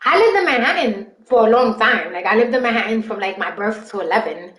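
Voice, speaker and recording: A woman's voice: fairly high pitch, expressive, a little fast, fairly bright tone. A young woman from the Bronx with a heavy Bronx Puerto Rican accent, who grew up speaking Spanish, chatting casually with viewers on a live stream. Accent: Bronx Puerto Rican New York. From Bronx, New York. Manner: chatty, rambling, talks straight to viewers. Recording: echoey room with music behind.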